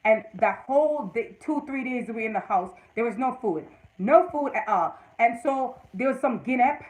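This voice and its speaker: A woman's voice: fairly high pitch, animated, normal speed, darkish tone, rough recording. A woman with a Jamaican accent hosts a casual livestream from her phone or webcam. She tells her stories in a rambling, emphatic way, leaning hard on the words she wants to stress. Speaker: livestream host.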